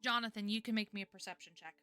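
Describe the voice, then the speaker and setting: Spielleiterin mit heller Stimme. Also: female voice, medium pitch, steady tone, racing, sharp tone, smooth, no echo, soft background music. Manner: laughing, casual narration. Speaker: game master. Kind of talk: narrating a tabletop game.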